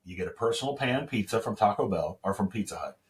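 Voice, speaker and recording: A man co-hosting a podcast in casual chat, excitable and crude, often laughing. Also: fairly low pitch, fast. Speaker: podcast co-host.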